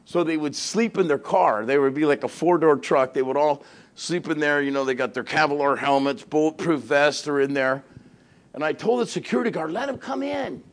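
A middle-aged male pastor with a fairly high voice tells a story from the pulpit. He acts out the back-and-forth of phone calls. He laughs his way through the funny parts. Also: normal speed. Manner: animated, acts out both sides of conversations, laughs often. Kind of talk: storytelling sermon.

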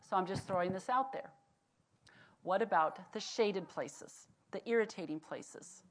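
A woman giving a devotional talk, telling a lively personal story and then slowing into earnest encouragement. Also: medium pitch. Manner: animated storyteller turning earnest and slow when exhorting. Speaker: devotional speaker.

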